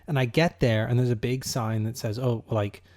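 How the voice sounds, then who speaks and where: A man's voice: medium pitch, steady tone, brisk, darkish tone. Rambling young man telling a story. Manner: rambling storyteller, going off on tangents. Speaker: podcast co-host. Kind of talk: casual chat.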